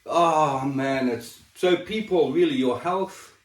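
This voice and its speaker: A man's voice: fairly high pitch, takes it slowly, far from the mic. Emotional man, echoey and off-mic. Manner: raw, emotional and swearing, with sudden drops in level. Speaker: person sharing his health story. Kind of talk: emotional personal chat. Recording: echoey room, voice set back from the mic.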